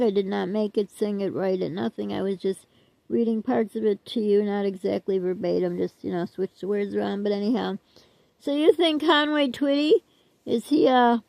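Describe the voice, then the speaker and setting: Chatty older woman with a gravelly voice. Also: medium pitch, warm tone, no room sound, rough recording. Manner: chatty, self-deprecating, trailing off with "I don't know". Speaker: vlogger. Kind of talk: rambling casual chat to viewers.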